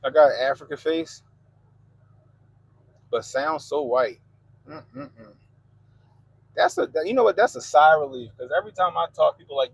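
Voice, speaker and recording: Reading viewer comments on his livestream, this Baltimore-accented man from Baltimore, Maryland, keeps up loose, profane, easygoing banter. His voice is a little high and sing-song, at a moderate pace, creaky with a breathy edge and frequent pauses, on a low-quality recording.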